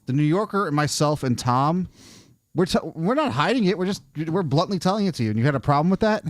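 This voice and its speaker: A man's voice: on the high side, animated, fast, no room sound. Man, joking, teasing, casual chat, dry close sound. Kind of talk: casual banter.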